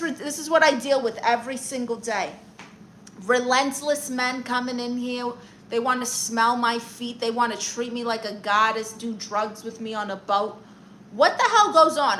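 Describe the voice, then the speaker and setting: A woman's voice: on the high side, bright, forceful tone, a little hiss or hum, poor audio. A woman playing a brash, vain aunt who calls herself a therapist, bantering and boasting as she reads out chat on a livestream. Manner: sassy, boastful, fast comebacks. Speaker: livestream comedian reading chat.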